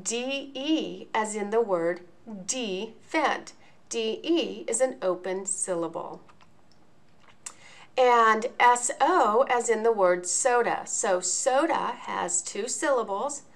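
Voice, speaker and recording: A woman teaching a lesson in a video, explaining each point slowly and enunciating clearly. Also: on the high side, lively intonation. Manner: slow, deliberate, clearly enunciated.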